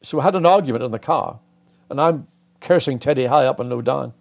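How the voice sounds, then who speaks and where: Older male guest, animated storyteller, plays out the quotes. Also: medium pitch, a little fast, gravelly. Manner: animated, acts out quoted dialogue. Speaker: interview guest, former racing driver. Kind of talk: anecdotal storytelling.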